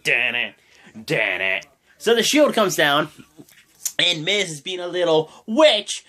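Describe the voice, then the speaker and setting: Recapping a wrestling show for his reaction vlog, this young man rambles casually and packs his talk with slang. He sounds very animated, with a voice on the high side that comes across pushed and bright, delivered at a moderate pace.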